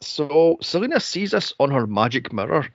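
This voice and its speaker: Exasperated man with a gravelly voice. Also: a little high, big pitch swings, moderate pace, no room sound. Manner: exasperated, swearing, laughing recaps. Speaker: podcast co-host. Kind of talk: casual chat recapping a film. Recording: dull lo-fi podcast mic.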